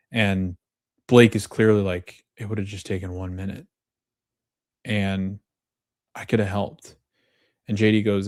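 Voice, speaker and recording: Low-voiced man recapping a show. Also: a little mellow, no room sound, clean studio sound. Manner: retells scenes by reading quoted lines, with frequent self-corrections. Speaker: podcast host. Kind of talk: casual recap chat.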